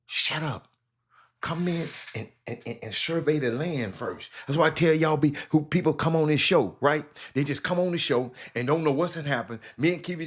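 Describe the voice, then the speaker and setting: Husky-voiced man preaching sports talk. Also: medium pitch. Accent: Southern US. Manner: animated, preachy, addresses chat viewers by name. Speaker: talk show host. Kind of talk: live-stream sports talk commentary.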